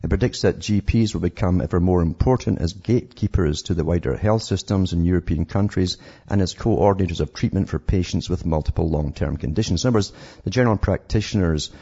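A very deep, gravelly male radio host rants in an indignant, rambling way, stumbling over repeated words. His husky, mellow voice comes through a dull, lo-fi radio recording. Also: brisk, few pauses. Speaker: radio talk show host. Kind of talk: call-in radio commentary.

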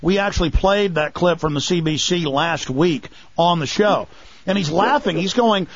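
On a radio show, a male host with a high, breathy-edged voice talks fast and heatedly, full of sarcasm and mockery. The recording is dry and a little dull, much like lo-fi broadcast audio.

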